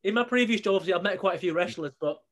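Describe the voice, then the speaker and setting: A man's voice: sits high, very fast, fairly bright tone. A man hosting a podcast, telling stories casually, laughing often and swearing now and then. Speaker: podcast host.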